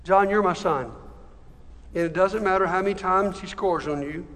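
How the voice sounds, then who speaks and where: A preacher voicing a gentle heavenly father. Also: high-pitched, moderate pace. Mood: reassuring. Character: God the Father, loving and reassuring. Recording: long hall reverb.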